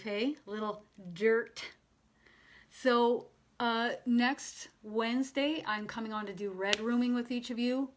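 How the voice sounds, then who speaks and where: An emotional woman medium speaks during a live channeling session. Her voice moves from excited, laughing bursts to soft, hushed passages, and at times she sounds close to tears. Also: medium pitch. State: near tears. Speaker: spiritual medium.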